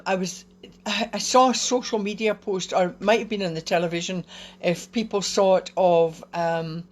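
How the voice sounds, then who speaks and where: A woman giving a casual motivational talk on a live video from home, chatty and encouraging, with small laughs and fillers. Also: mid-range voice. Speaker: host of a live wellbeing video.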